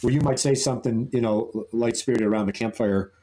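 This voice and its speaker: An older man on a casual podcast, telling stories haltingly with many fillers and chuckles. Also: mid-range voice, steady tone, dark tone. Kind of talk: casual chat.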